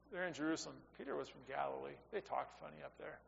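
A man giving a sermon as a pastor, talking conversationally, rising for emphasis and dropping to quiet asides. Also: a little high, steady tone, fast, creaky, few pauses. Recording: dull sound with long reverb in a hall.

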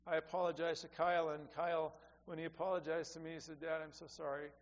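A middle-aged man preaching a sermon as a pastor, earnest and repetitive, swinging between loud and soft. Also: a little high, steady tone, fast talker, hardly any pauses. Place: church sanctuary. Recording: dull lo-fi sound with long hall reverb and faint hum.

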